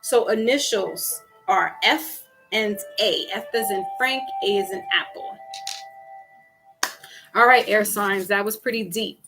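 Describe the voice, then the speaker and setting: A woman gives a casual tarot reading in a slow, easygoing way, chatting with her viewers as she goes. Her voice has a gravelly, fry-edged texture. Music plays clearly behind her. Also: mid-range voice, poor audio. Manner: chatty, talks to viewers and chat by name. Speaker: tarot reader.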